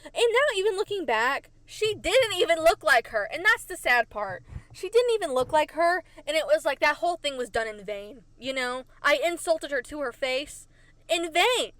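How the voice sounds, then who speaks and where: A woman hosts her own podcast in a loose, chatty way, wandering from story to story. Her voice sits high and sounds bright and sharp. She giggles often and teases herself with silly asides. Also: sing-song, normal speed, no room sound. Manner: playful, silly and self-mocking. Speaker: podcast host. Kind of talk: casual solo podcast chat.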